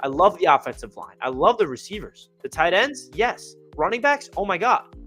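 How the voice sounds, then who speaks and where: Young guy vlogging about his team, kinda high voice, likes and ums everywhere, hiccuping, soft music underneath. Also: sing-song, normal speed. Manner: rambling, enthusiastic, many fillers. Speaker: fan channel host. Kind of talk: casual football commentary.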